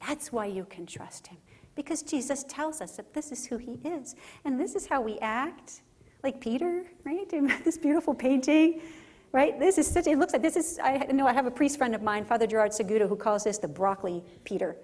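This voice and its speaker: A woman speaker giving a faith lecture at a conference center, animated and acting out scenes, often checking in with "right?". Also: medium pitch, moderate pace.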